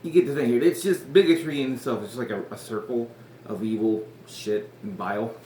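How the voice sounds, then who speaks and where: A man's voice: mid-range voice, brisk, warm tone. A man hosting a podcast, recapping an episode in casual chat, rambling, swearing and laughing often. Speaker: podcast host. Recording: echoey room with faint noise.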